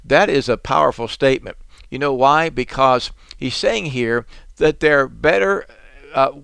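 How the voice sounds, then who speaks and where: A man's voice: a little high, fairly bright tone, clean tone, no echo. A man preaching a sermon in an earnest, conversational way, with bursts of emphasis.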